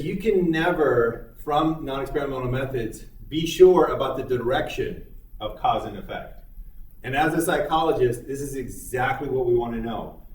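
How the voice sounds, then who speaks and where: A man's voice: mid-range voice, a little hiss or hum. A man lecturing a psychology class in a conversational, explanatory way with occasional fillers. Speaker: psychology instructor. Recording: echoey room, mic far off.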